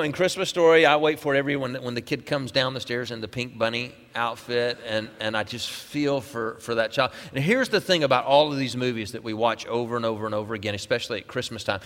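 A man's voice: mid-range voice, a little fast, few pauses, a bit bright. A middle-aged man, a pastor, opening a sermon in a casual, rambling way with many fillers and restarts. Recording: long echo of a large hall.

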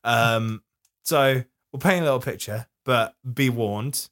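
A man's voice: mid-range voice, takes it slowly, fairly bright tone. A man co-hosting a film podcast in casual chat, chatty and easily amused, stopping and restarting his sentences. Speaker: podcast co-host.

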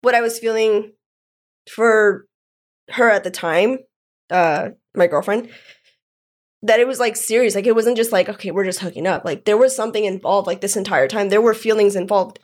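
A woman's voice: mid-range voice, moderate pace. A young woman chatting on a podcast in a loose, candid, rambling way. She fills her story with "like" and curses freely as she goes. Her voice sits in an ordinary middle range. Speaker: guest telling her story. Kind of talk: casual podcast chat.

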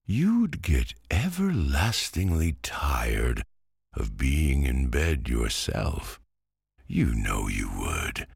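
A man's voice: rumbling low, wildly swooping pitch, takes it slowly, vocal fry, husky, no echo, studio quality, full character voice. A man voicing a cheery, bossy talking pumpkin in a storybook reading, speaking in a coaxing, persuasive way.

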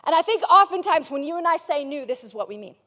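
A woman's voice: high voice, fast talker. A woman pastor preaching a sermon in a large church hall, praying earnestly and teaching with playful, chatty asides. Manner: soft and earnest in prayer, lively and joking in teaching. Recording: long hall reverb.

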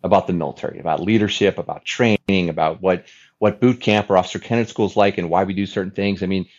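A man in his forties, a former Navy fighter pilot, speaking as a podcast guest in an earnest, animated storytelling manner that acts out remembered dialogue. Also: sits low, fast talker. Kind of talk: conversational storytelling. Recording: dull lo-fi recording.

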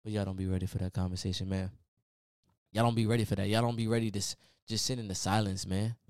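A man's voice: lowish voice, level tone, fast talker, darkish tone, clear, resonant tone, no echo, clean studio sound. A man hosting his own podcast, giving a casual, preachy motivational talk full of repeated "man" and "y'all.". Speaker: podcast host. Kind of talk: motivational solo podcast rant.

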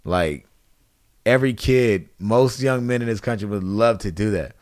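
Low smooth-voiced man telling a story. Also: normal speed, dry recording, clean studio sound. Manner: animated storytelling, acts out quotes in a raised voice. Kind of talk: casual chat.

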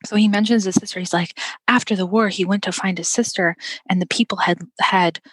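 A young woman chatting casually with a co-host, quick to laugh and full of fillers as she talks through what she saw. Her voice sits at an ordinary middle pitch. The recording is dry and close, with no room sound. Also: slightly rough, no echo. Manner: chatty, animated, laughs often, many fillers. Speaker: podcast co-host. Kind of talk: casual chat reviewing a film.

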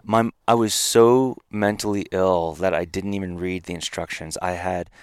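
A man with a very low voice tells a personal story as a podcast guest. He talks in an animated way, stumbling and restarting his sentences. The sound is close and dry. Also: moderate pace, clean tone, dry recording. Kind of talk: casual storytelling.

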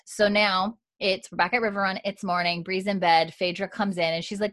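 A young woman casually recapping a TV episode, slipping into quick character voices, with plenty of fillers and the odd swear. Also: lowish voice, flat delivery, fairly bright tone, no room sound. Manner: retells scenes in quick, mocking character voices; casual and profane, with many fillers. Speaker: podcast host recapping a TV episode. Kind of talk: casual chat.

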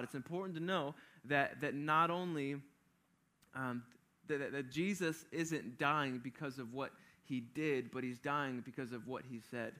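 A man's voice: medium pitch, a little slow, pushed and bright. A man preaching a sermon, reading scripture aloud and explaining it in an earnest, emphatic way, often restarting his phrases. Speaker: pastor.

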